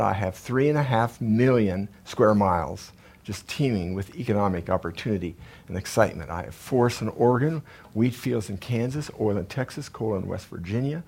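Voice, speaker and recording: Gravelly, husky American man. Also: lowish voice, moderate pace, a little mellow. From eastern Colorado, USA. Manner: folksy, joking, then solemn recitation. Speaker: speaker at a conference. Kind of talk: informal talk with a recited tribute.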